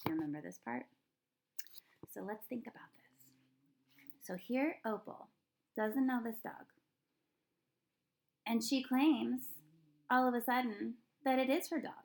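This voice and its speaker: A woman's voice: a little high, a little mellow. A woman teaching a third-grade reading lesson, talking chattily and thinking aloud, asking her young students questions as she goes. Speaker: elementary school teacher. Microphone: recorded lesson video.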